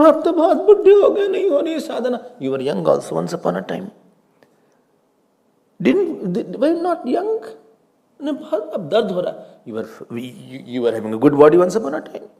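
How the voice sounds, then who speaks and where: A man's voice: very high voice, creaky, dark tone. An Indian man giving a spiritual sermon, pressing his listeners with rhetorical questions, slipping into Hindi and often laughing. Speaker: spiritual teacher.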